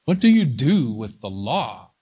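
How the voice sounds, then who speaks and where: A man preaching a sermon, speaking slowly and deliberately and leaning hard on single words for emphasis. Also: medium pitch, very animated, dark tone, breathy edge. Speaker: pastor.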